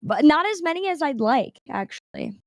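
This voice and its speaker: A woman's voice: high-pitched, big pitch swings, moderate pace, no room sound. Chatty young woman with a dry sound. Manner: chatty, laughing, acts out quoted people. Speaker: guest streamer. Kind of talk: casual interview chat.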